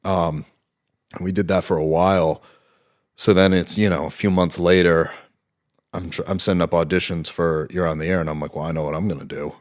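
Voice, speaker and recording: This is a man in his thirties with a deep, low-set voice. He talks as a guest in a relaxed interview, rambling through anecdotes with plenty of fillers. His speech is casual and peppered with profanity. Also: normal speed.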